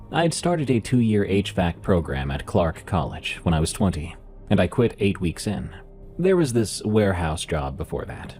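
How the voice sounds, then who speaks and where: A man with a nasal voice hosting and narrating horror stories in a calm, measured way. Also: sits low. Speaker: horror story narrator and podcast host.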